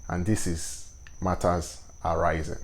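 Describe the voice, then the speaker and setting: A man with a Nigerian accent, whose first language is Igbo, hosting a vlog and giving commentary on current events in a measured, deliberate and earnest way. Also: low-pitched, flat delivery, slight background noise. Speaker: host.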